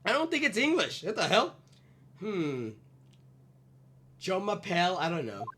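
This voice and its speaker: A woman's voice: lowish voice, a little slow, slight background noise. A woman doing casual let's play commentary on a game, joking around and swearing freely. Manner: animated, jokey, swears freely. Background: game music.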